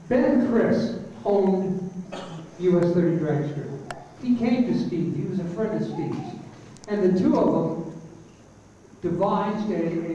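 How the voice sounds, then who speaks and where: An older man tells a story to a crowd with animated announcer flair. His voice is high but mellow. The recording is roomy and distant, with a dull tone. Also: slight background noise. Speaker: award speaker and radio announcer. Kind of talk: storytelling speech to an audience. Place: large hall at an award event. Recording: echoey hall, far from the mic, dull sound.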